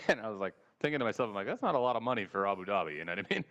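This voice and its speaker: A man's voice: fairly low pitch, very fast, muffled recording. A man hosting a podcast, telling a long, profane story in a casual way and laughing between lines. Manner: animated, profane anecdote with laughter. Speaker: podcast host.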